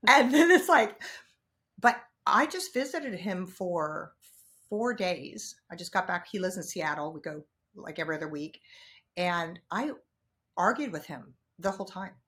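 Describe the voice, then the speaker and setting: Frank, animated woman guest. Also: lowish voice, normal speed. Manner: animated, swings between loud acted-out outbursts and hushed asides; frank, casual swearing. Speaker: podcast guest. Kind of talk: candid conversational storytelling.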